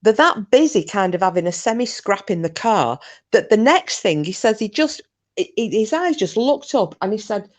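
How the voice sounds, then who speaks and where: A woman's voice: mid-range voice, sing-song, normal speed. A woman, casually telling a ghost story in a chatty, rambling way, with swearing and restarts. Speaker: channel host.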